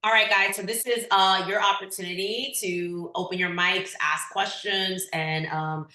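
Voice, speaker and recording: A woman hosting a webinar, speaking in an upbeat, quick and inviting way as she opens the floor to questions. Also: medium pitch, steady tone, bright, forceful tone, echoey room. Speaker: webinar host. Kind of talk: casual hosting on a video call.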